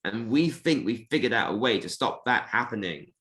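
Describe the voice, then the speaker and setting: A man's voice: mid-range voice, lively intonation, moderate pace, a bit bright. A man in a casual interview chat about his robot combat team, rambling through a story with plenty of fillers and restarts.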